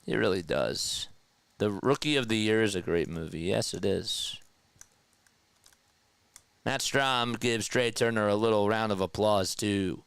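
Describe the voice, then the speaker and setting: Young man, casual baseball play-by-play, chatty with viewers, smooth voice, dry close sound. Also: no room sound. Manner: chatty, answers live chat between pitch calls; gets loud and high when excited. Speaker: fan play-by-play streamer.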